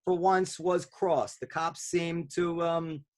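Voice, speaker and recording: A man hosts a casual round-table talk in a slightly higher voice, rambling along with plenty of ums and restarted phrases. He speaks loosely and conversationally, circling back as he goes. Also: fairly even intonation, slow pace. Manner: rambling, many fillers and restarts. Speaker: podcast host.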